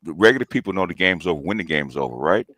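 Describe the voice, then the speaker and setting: Low-voiced man, emphatic and repetitive. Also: lively intonation, very fast, a bit bright, dry recording. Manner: emphatic, repeats himself, stumbles into points. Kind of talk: casual chat.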